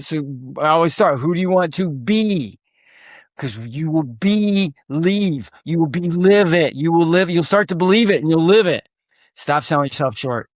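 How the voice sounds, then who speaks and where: Man, guest storyteller, emphatic, casual, fairly high voice, dry sound. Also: no room sound. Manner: emphatic, rising to near-shouts at key points. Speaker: guest, combat veteran and speaker. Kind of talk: storytelling interview talk.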